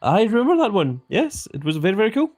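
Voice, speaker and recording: A Scottish man hosting a live stream, his pitch swinging up and down as he talks. He speaks with a grand manner and sounds out every word with care. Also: very animated, fast, darkish tone. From Scotland. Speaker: mobile game live streamer. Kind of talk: live stream chat reading.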